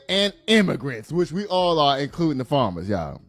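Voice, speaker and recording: A man's voice: a little high, very animated, normal speed, soft background music. A man giving casual reaction commentary, incredulous and blunt.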